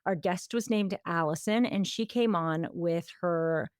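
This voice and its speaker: A woman's voice: fairly low pitch, unhurried, no echo. Chatty woman podcast host, dry mic. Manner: chatty, lots of "like" and quoted asides. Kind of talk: casual chat recapping a story.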